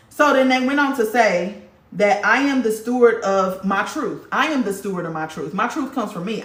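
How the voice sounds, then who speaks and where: A woman's voice: mid-range voice, a bit bright, echoey room, far from the mic. A woman vlogger talking casually to her viewers, blunt, profane and emphatic. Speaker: spiritual vlogger.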